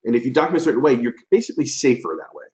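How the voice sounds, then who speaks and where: A man's voice: medium pitch, animated, racing, a little mellow, low-quality recording. A man in his forties presenting a webinar, telling a story in a loose, chatty way with plenty of fillers. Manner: chatty, loose delivery with many fillers and restarts. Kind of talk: conversational storytelling lecture.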